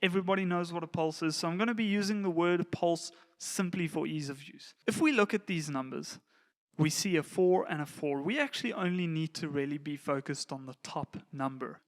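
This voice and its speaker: A man giving a relaxed, plain-spoken lesson to church volunteer musicians, now and then counting beats aloud. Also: a little high, moderate pace. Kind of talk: casual instructional talk.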